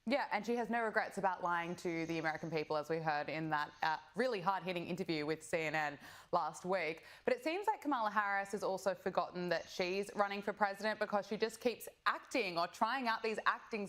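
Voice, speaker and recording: A woman hosts a commentary program, her delivery scripted and smoothly paced as she sets up each clip. Her tone carries a dry, sardonic bite, and her voice sits in an ordinary middle register. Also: medium pitch, fairly bright tone. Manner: sardonic, leads into clips. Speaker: show host.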